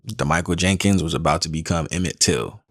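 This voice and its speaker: A man's voice: very deep voice, a little fast, fairly bright tone, no echo, studio quality. A man giving blunt, accusing reaction commentary on a video clip, calling out what he sees as lies. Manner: blunt, accusing, repeats "she's lying". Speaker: commentary host.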